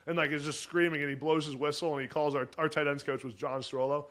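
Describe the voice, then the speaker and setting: A chatty man in his twenties tells stories as a podcast guest, with a voice pitched a little higher than most men's. He talks animatedly and piles on casual fillers. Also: steady tone, quick pace, few pauses, a bit bright. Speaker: podcast guest, former college football player. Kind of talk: casual storytelling chat.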